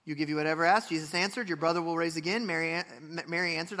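Male pastor, fairly high bright voice, earnest sermon delivery. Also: fast, hardly any pauses. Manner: earnest, restarts often, rises to passionate emphasis.

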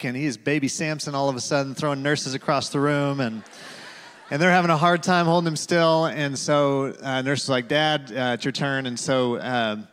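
A male pastor giving a sermon, telling a personal story in a conversational way with fillers and dropping to a hush for quotes. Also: mid-range voice. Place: large church auditorium. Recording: reverberant hall.

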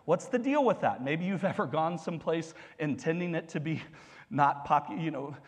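A male pastor giving a sermon in a conversational, animated style with humorous asides. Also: a little high, normal speed, slightly rough, in a large hall.

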